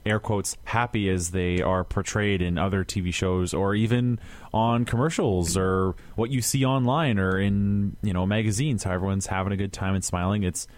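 A man's voice: sits low, fairly even intonation, normal speed, dry recording. A man hosting a podcast, asking loose, rambling questions in a casual chat about a TV show. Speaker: podcast host.

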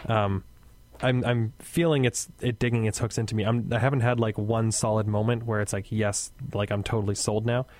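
A man's voice: on the low side, steady tone, brisk, a little mellow. A man co-hosting a podcast, talking casually and hesitantly about a TV show. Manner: hesitant, restarts and fillers. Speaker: podcast co-host.

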